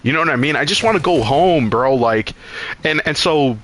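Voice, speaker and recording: A man's voice: a little high, expressive, moderate pace, fairly bright tone, slight background noise. A man streaming a game, telling a long rambling story with lots of swearing and acting out quotes in a raised voice. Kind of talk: casual storytelling while gaming.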